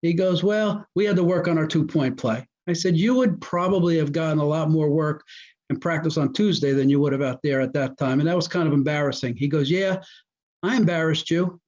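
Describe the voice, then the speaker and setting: A man tells coaching stories with an animated delivery, slipping into the voices of the people he quotes. His voice sits a bit high for a man. The audio is muffled and lo-fi. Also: fairly quick. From New Jersey. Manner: animated storyteller who acts out quoted dialogue. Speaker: guest, former high school football coach. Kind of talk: casual storytelling interview.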